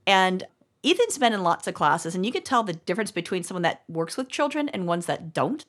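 A woman's voice: lowish voice, sing-song, brisk, a bit bright. Woman gabbing on a podcast, swears a lot, keeps restarting sentences. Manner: rambling, profane storytelling with many restarts. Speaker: podcast co-host. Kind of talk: casual chat.

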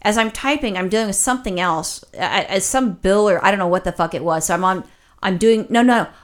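A woman co-hosting a casual chat, telling a long story in a profane, exasperated ramble full of restarts. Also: mid-range voice. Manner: animated, rapid rambling with restarts. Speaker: podcast co-host.

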